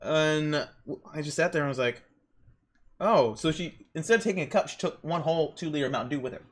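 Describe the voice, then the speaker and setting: A young man telling rambling stories while drawing on a stream, jumping into high squeaky voices for emphasis. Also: fast talker.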